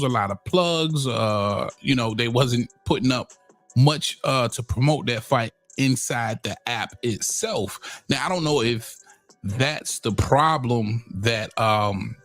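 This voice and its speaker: A man hosting a live boxing talk stream, chatting loosely with many fillers, shout-outs and a Black way of speaking. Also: medium pitch, no room sound. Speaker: boxing channel host. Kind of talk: casual live-stream commentary.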